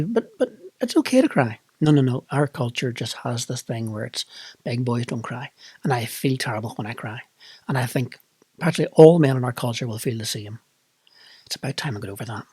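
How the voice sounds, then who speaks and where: Man, Northern Irish accent, middle-aged, husky voice, dry close sound, reflective personal storytelling. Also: medium pitch, a little mellow, no room sound. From Northern Ireland. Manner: reflective, candid, emotional. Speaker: vlogger.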